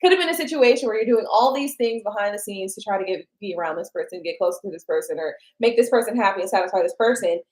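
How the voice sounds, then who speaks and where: A woman's voice: mid-range voice, quick pace, few pauses, poor audio. A woman reading tarot on a live stream, chatting with viewers and answering their comments with frequent laughs. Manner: animated and chatty, laughs often, talks straight to viewers.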